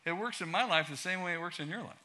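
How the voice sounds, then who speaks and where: A man's voice: high voice, quick pace, sharp tone. A middle-aged man preaching a sermon as pastor, building his points through emphatic, rhythmic repetition.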